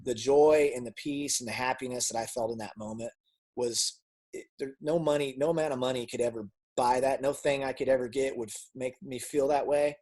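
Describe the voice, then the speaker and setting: A man giving a personal testimony as a guest speaker, telling a story with lively acted-out dialogue and frequent repeated words. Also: medium pitch, brisk. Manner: animated storytelling, acts out dialogue; repeats words when restarting.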